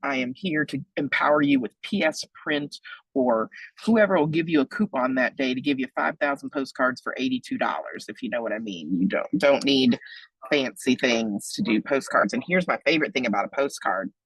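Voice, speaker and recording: A woman in her forties giving a lively webinar talk, joking and chatty, with big excited leaps in her voice. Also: moderate pace, slightly rough, dry recording, rough recording. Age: 40s. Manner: playful, joking, chatty asides; big excited pitch jumps. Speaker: webinar presenter on donor relations.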